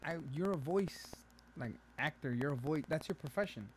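A man's voice: on the high side, animated, normal speed, slight background noise, rough recording. A man co-hosting a podcast in casual chat, teasing and joking with his partner. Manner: teasing, joking, cuts in with jokes. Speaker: podcast co-host.

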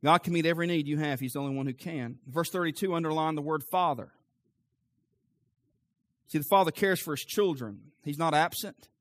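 A male pastor preaching a sermon with an emphatic, rising cadence, then leading a quieter prayer. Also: a little high, a little fast, no echo.

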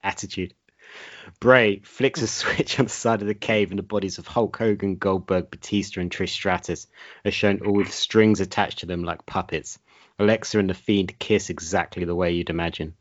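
A man with a very low voice reads a comedy script aloud in a deadpan, narrating way. He co-hosts the show. It is a dull, lo-fi recording. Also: normal speed. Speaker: podcast co-host reading a script.

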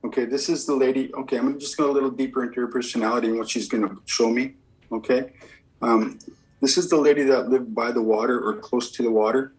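A man's voice: mid-range voice, fairly even intonation, fast, husky, rough recording. A man working as a medium and giving a spirit reading. He asks a string of short yes-or-no questions and answers each reply with "okay, perfect.".

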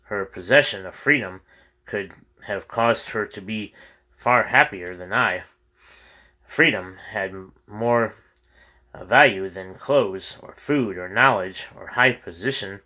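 A man with a lowish, bright, forward voice reads a first-person memoir aloud. His delivery is plain and unpolished, with the odd slip he stops to correct. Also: takes it slowly. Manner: plain reading with occasional slips and self-corrections. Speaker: audiobook reader.

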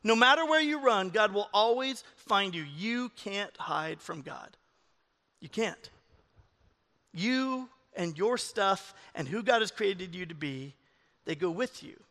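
A middle-aged man, a pastor, preaching a sermon with animated, jokey storytelling. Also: sits high, slow pace, big-room sound.

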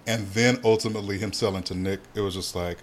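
A man co-hosting a podcast, chatting casually about a soap opera, animated and swearing freely as he acts out the characters' lines. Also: lowish voice, fast talker, a little hiss or hum. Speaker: podcast co-host.

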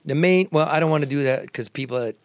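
A man's voice: fairly high pitch, fast talker, no echo. A man from Detroit hosting a talk show, blunt, profane and joking in casual chat.

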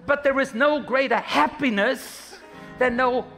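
A man with a high voice preaches a lively, humorous sermon. He acts out little scenes in passing, with faint music underneath. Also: a little slow, vocal fry, a faint crowd. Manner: animated, humorous preaching with acted-out asides. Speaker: pastor.

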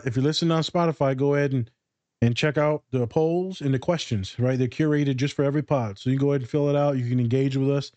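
A man's voice: medium pitch, a little mellow, no echo, muffled recording. A man co-hosts a casual podcast, chatting in a mid-range voice with a playful, teasing streak. His sound is close and dry. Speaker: therapist and podcast co-host.

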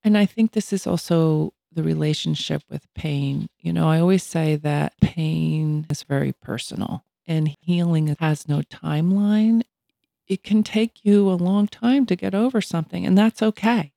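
A woman's voice: low voice, fairly even intonation, normal speed, creaky, warm tone, no room sound, clean studio sound. A woman in her sixties co-hosting a casual talk show, speaking reflectively and thoughtfully. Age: 60s. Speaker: podcast co-host. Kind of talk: casual chat.

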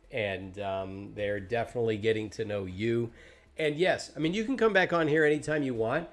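A man's voice: mid-range voice, fairly bright tone. A man hosting a casual interview on a livestream over a video call, joking and self-deprecating, rambling as he talks. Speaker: podcast host and Twitch streamer.

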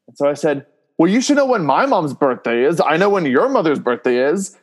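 Animated man telling funny stories. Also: a little high, a little fast. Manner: animated storyteller, laughs often, voices loud screams in stories; many fillers like "like" and "um". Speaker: podcast guest. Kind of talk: casual chat.

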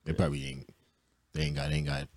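A man's voice: a bass voice, monotone, fast, a little mellow, no echo. A young man co-hosting a casual podcast, joking around, laughing a lot and repeating his phrases. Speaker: podcast co-host. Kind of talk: casual banter.

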